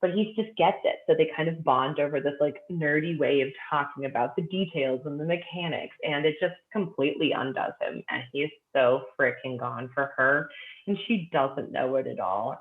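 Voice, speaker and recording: A woman guest gushing enthusiastically about books in a casual chat, with lots of fillers. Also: sits low. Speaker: guest author. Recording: tinny remote phone line with echo.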